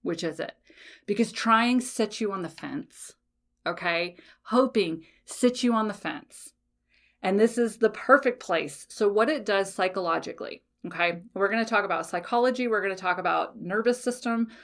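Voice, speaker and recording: Blunt woman doing a solo podcast, swears a lot, keeps asking "okay?", lively and punchy. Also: mid-range voice, moderate pace. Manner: frank, swears freely, keeps checking in with "okay?". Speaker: podcast host. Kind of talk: casual solo podcast talk.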